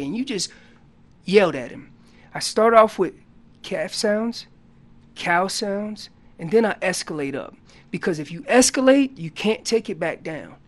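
A man guest on a radio talk show, explaining elk calling in an animated storytelling way that gets loud on key points. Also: sits high, a little slow. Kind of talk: casual radio interview.

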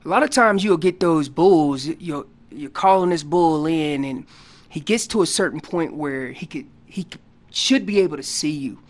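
A man guest on a radio show explaining hunting calls in a casual, animated way, acting out what the animals are saying. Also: fairly high pitch, normal speed. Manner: loose casual grammar. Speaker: elk calling champion guest. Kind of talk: instructional radio interview.

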